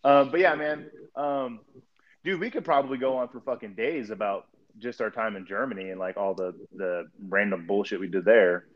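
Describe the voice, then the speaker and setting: A man's voice: lowish voice, normal speed. Rambling, profane army veteran man. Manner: rambling, profane, lots of fillers. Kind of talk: casual podcast chat. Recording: muffled lo-fi audio.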